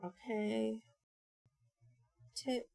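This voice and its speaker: A woman's voice: fairly high pitch, little pitch movement, extremely slow, gravelly, dark tone, soft background music. A woman streamer chatting casually and thinking aloud, often mumbling to herself at a desk microphone. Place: home streaming setup.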